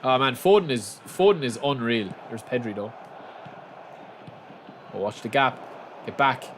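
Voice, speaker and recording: A man's voice: medium pitch, unhurried. Irish male game streamer, casual and chatty, mid-range voice, slight background hum. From south of Ireland. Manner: chatty, bursts into excited shouts. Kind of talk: casual gameplay commentary.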